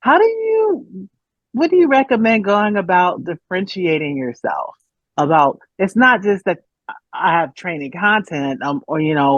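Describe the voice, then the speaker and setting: A woman's voice: sits low, dry recording. A woman asks her question politely and thinks aloud as she goes. The audio is dry and somewhat dull, as on a video call. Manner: polite, thoughtful, searching for words. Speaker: audience member asking a question. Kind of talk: question from the audience.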